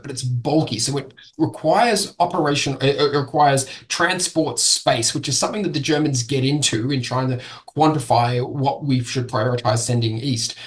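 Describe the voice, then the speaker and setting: A middle-aged man, a historian, explaining in an animated lecture-style way as an interview guest. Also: medium pitch. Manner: animated, acts out quoted voices.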